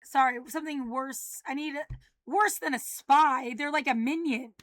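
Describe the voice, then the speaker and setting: A woman in an agitated, profane rant, often breaking into shouting. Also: high-pitched, normal speed, no echo.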